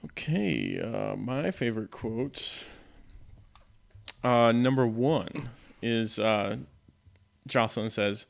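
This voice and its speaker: A man's voice: medium pitch, very animated, slow pace, creaky, pauses often. A man co-hosting a casual movie review podcast, talking loosely with many "like"s and "um"s. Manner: loose, filler-heavy talk with lots of "like" and "um". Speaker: podcast co-host.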